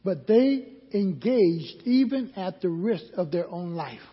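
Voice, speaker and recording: A male preacher with a high-pitched, husky, expressive voice delivers a slow sermon, posing questions to the congregation and answering them himself. The recording is dull, with long hall reverb.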